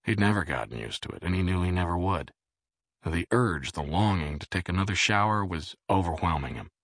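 Deep, gravelly male audiobook narrator. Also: dry recording, studio quality. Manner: measured, expressive reading.

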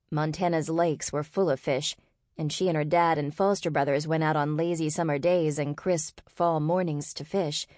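A woman reads an audiobook with steady, expressive narration. Her voice is low, and the recording is dry and close, with no room around it. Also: no echo. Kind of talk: scripted narration.

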